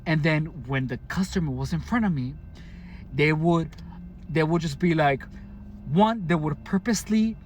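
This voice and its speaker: A man's voice: a little high, slight background noise. A man from Mexicali speaking casually to camera, recounting his own experiences with frequent restarts and careful enunciation. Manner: halting, many restarts and fillers, deliberate enunciation. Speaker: vlogger. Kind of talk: casual personal account to camera.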